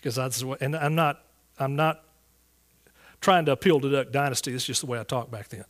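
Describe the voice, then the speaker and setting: This is a sermon testimony at a church service, where a man with a Southern US accent recounts becoming a Bible teacher. His mid-range voice is steady, a bit bright and a little fast, and his folksy, earnest telling includes restarts.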